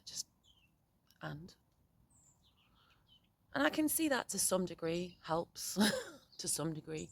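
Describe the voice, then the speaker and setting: A middle-aged woman speaking in a candid, reflective monologue, frank and halting, often swearing, with many restarts as a poet and parent. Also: fairly low pitch, very animated, creaky.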